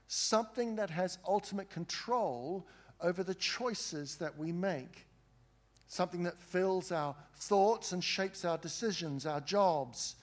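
A man preaching a sermon, earnest, pausing for emphasis and putting questions to his congregation. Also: sits high. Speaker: pastor.

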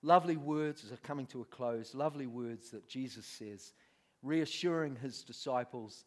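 A man's voice: mid-range voice, moderate pace. A man preaching a sermon, telling a story with lots of laughter and acted-out voices.

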